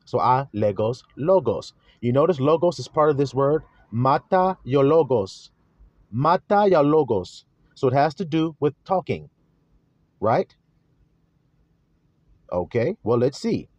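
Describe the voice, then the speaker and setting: A man's voice: medium pitch, very animated, a little slow, pauses often, darkish tone, dry recording. A man preaching a sermon to his flock, repeating key words like a chant and firing rhetorical questions. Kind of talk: sermon teaching. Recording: dull lo-fi dry recording.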